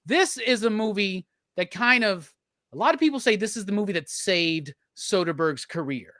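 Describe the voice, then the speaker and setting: A man's voice: high-pitched, animated, normal speed, sharp tone, dry recording, clean studio sound. A man hosting a movie review panel, brash and joking, swearing freely. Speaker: host. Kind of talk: casual movie review chat.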